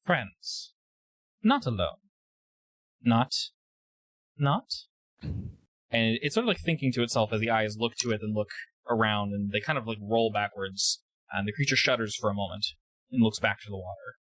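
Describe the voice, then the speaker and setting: A man narrating a tabletop role-playing scene as game master, with a hesitant delivery and pauses filled with "uh". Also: fairly low pitch, fairly bright tone, no echo, rough recording.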